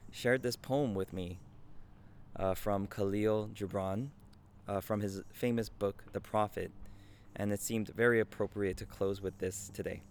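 A man in his thirties preaching a conversational sermon, earnest and warm in manner, often adding "right?" as he speaks. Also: lowish voice, steady tone, measured pace, a little hiss or hum. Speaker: pastor.

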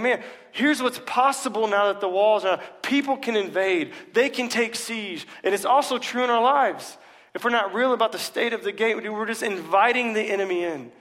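Guy pastor preaching, casual and punchy, kinda high voice, lots of hall reverb. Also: a bit bright. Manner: casual, emphatic, slangy. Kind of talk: sermon. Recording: long reverb of a large hall.

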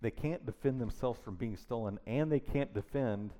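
A man's voice: medium pitch, moderate pace, warm tone, slight background noise. Emphatic conversational man preaching. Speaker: pastor. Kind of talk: sermon.

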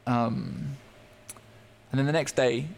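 A man's voice: mid-range voice, steady tone, creaky, slight background noise. A man, a podcast guest, telling a candid personal story in an earnest, open way, often restarting his sentences. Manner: halting, frequent restarts and fillers.

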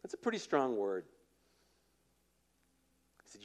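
A man preaching a sermon in a casual, storytelling way, acting out the quotes and dropping to a hushed voice for emphasis. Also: a little high, moderate pace. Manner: conversational, animated storytelling with acted quotes. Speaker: pastor.

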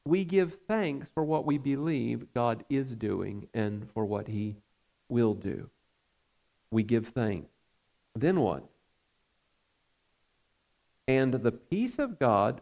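Male pastor, sermon, mid-pitched gravelly voice, earnest and unhurried. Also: darkish tone, dull audio. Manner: earnest, measured preaching with frequent fillers.

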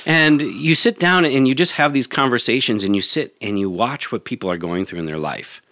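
A man's voice: mid-range voice, animated, brisk, a bit bright, dry recording, clean studio sound. A man, a yoga teacher, in a casual podcast chat, earnest and reflective, often restarting his sentences.

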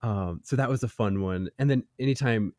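A man's voice: on the low side, normal speed, darkish tone, no room sound. Laid-back man, dry close mic. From United States. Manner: easygoing, laughs often, trails off mid-sentence. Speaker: voice actor guest. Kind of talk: casual interview chat. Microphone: home recording mic.

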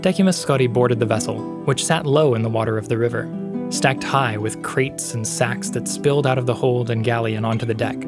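A man narrating a fantasy story in a measured, expressive reading voice. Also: mid-range voice. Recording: faint background music.

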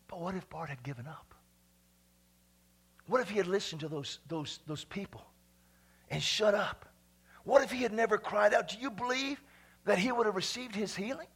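A man preaching a fiery sermon in a high, bright voice with a gravelly edge. He leaps between shouted lines and near-whispers, leading the congregation to repeat and shout along. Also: moderate pace, pauses often. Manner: dramatic swings from shouts to hushed whispers.

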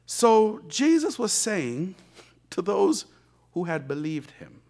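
A man preaching a sermon as pastor, swinging between soft, low asides and loud, emphatic lines, with laughing asides. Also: slow. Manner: animated preaching, rising to shouts, laughing asides.

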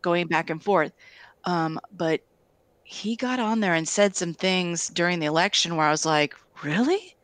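A woman talking casually, telling stories in a candid, animated way with lots of fillers. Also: fairly low pitch, normal speed, no echo. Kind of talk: casual conversation.

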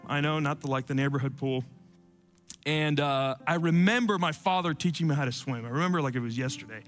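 A man preaching a sermon and telling a personal story, often dropping to soft, low tones for emphasis. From Cuban family. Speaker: pastor.

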